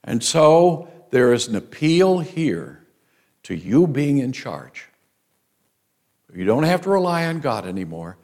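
An older man teaches a small Bible class in an unhurried, chatty way. He often hesitates with ums and restarts his sentences as he explains. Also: medium pitch, big pitch swings, darkish tone. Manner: conversational, many ums and restarts.

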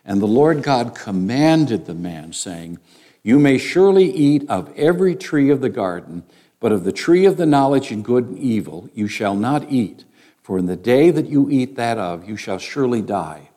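An older man teaches a small Bible class in an unhurried, chatty way. He often hesitates with ums and restarts his sentences as he explains. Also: mid-range voice, sing-song, mellow. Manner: conversational, many ums and restarts.

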